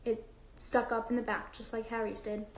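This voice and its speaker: A woman's voice: fairly high pitch, little pitch movement, moderate pace, reverberant, poor audio. A woman reading a novel aloud to viewers on a livestream, unpolished, with fillers and self-corrections.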